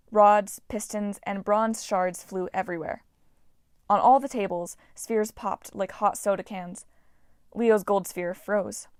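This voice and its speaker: A woman reading a fantasy novel aloud as an audiobook narrator, voicing characters in a lively way. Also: no echo. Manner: lively, voices characters with shouts. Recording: dry, low-quality home recording.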